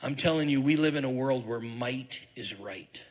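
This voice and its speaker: Speaking at normal speed in a mid-range voice, a middle-aged man who is lead pastor gives a sermon full of lively, funny stories and questions for the congregation. The audio is poor.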